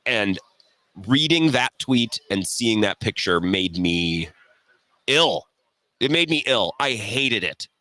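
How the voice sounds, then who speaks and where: Animated sports radio host. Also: male voice, lowish voice, slow, no echo. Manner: animated, self-deprecating storytelling. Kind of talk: casual sports talk radio monologue. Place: radio row broadcast table.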